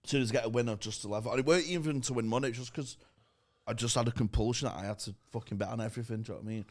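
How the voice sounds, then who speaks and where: A man, co-hosting a comedy podcast with teasing, quick-witted banter and sweary stories. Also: mid-range voice. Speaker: podcast co-host. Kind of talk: casual podcast chat.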